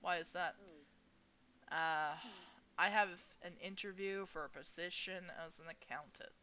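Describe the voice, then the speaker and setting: A young woman reading a visual novel aloud as a gaming host, expressive and playful as she voices each character. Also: on the low side, a little slow. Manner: expressive, reads each character's lines with shifting energy.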